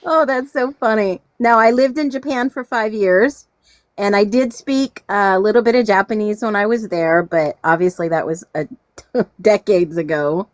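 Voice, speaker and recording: A woman co-hosting a casual livestream, cheerful and quick to laugh, calling out where viewers are from. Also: medium pitch, no echo, clean studio sound. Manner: cheerful, laughs often, calls out chat locations. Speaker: livestream co-host.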